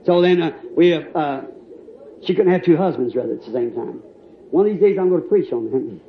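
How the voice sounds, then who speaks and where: A man preaching a sermon in a folksy storytelling way, laughing and rising to shouts. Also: a little high, lively intonation, a little fast, background noise. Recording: dull, roomy old church recording.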